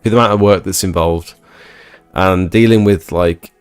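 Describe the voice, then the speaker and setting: A young man hosting a live stream, reading chat and chatting in a laid-back, low-energy way. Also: steady tone, normal speed, smooth, no echo, soft background music. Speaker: livestream host reading chat.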